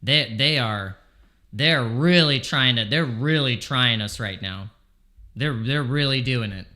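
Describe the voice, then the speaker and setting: A mid-range male voice, bright and forceful, takes things slowly during a live crypto trading stream from home. He talks nervously, pleading over and over with the market.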